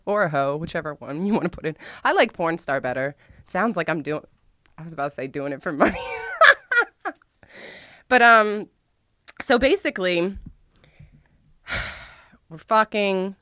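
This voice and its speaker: A woman's voice: lowish voice, unhurried, pauses often, dry recording, studio quality. A woman hosting a podcast, telling a story in a casual, profane way, laughing often. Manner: excitable, voice spikes when venting. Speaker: podcast host.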